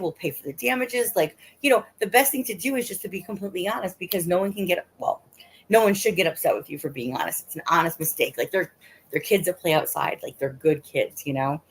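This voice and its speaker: A woman's voice: on the low side, slightly rough. A middle-aged woman casually telling a rambling story on a livestream, full of fillers and laughs. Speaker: livestream host.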